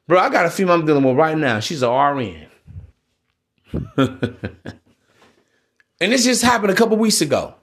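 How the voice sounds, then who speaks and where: High-voiced man ranting in street slang. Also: big pitch swings, moderate pace, creaky, long pauses, fairly bright tone. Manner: profane, preachy, street-slang rant addressed to listeners. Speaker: podcast host. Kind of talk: solo podcast monologue.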